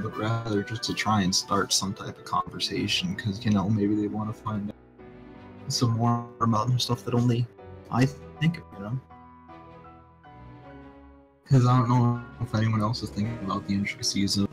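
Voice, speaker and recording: A man hosting a casual live-stream chat, talking in a profane, animated ranting way with faint music behind. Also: on the low side, normal speed.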